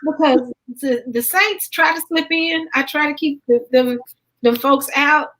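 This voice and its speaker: Southern US woman, stream host, chatty and folksy, slightly high voice. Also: poor audio. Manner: lively, folksy, quick to laugh. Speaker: livestream host. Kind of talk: casual late-night livestream chat.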